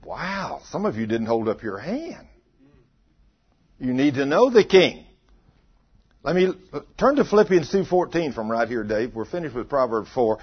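Husky preacher telling folksy stories. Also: male voice, medium pitch, very animated, normal speed, pauses often. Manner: folksy storytelling, teasing the congregation. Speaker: pastor. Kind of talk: sermon. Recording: dull lo-fi sound.

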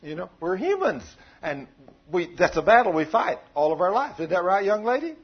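A man's voice: sits high, very animated, normal speed, husky, lo-fi sound. A man preaching a sermon in a folksy, conversational way, joking with his congregation.

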